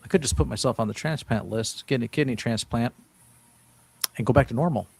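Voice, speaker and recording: A man's voice: mid-range voice, brisk, vocal fry, a little mellow, breathy edge, dry recording. A man in his fifties, a guest in an interview, telling his story in an earnest, rambling way with many restarts. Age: 50s. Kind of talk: casual interview talk.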